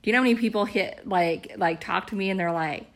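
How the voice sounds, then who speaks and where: A young woman talking casually to her viewers in an excitable, chatty way, full of "like" and "you guys". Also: medium pitch, quick pace. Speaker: network marketing vlogger. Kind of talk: casual direct-to-camera pitch.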